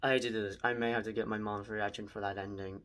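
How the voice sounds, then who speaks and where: Speaking fast in a lowish voice, a young man delivers a spoiler-filled, casual film review. He's excitable and rambling, restarting often and swearing mildly.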